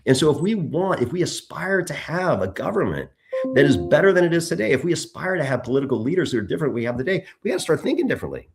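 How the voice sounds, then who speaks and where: A man's voice: fairly high pitch, fast talker, gravelly. A middle-aged man, a political candidate being interviewed, telling stories with lots of restarts and repeated words. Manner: animated storytelling, frequent restarts. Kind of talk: conversational interview.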